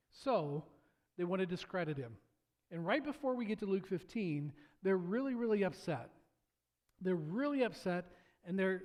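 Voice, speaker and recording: High-voiced man preaching casually. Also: a little mellow. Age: adult, married. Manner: casual storytelling with stammered restarts and acted-out quotes. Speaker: pastor. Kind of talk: sermon.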